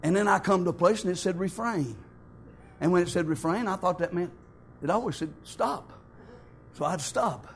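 A man's voice: high-pitched, normal speed, gravelly, a little hiss or hum. An older man, telling his church testimony in a folksy, homespun way. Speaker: church member giving testimony.

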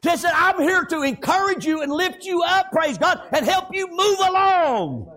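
A man preaching a fervent sermon, constantly breaking in with "amen" and "praise God" and rising into shouts. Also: very high-pitched, lively intonation, normal speed.

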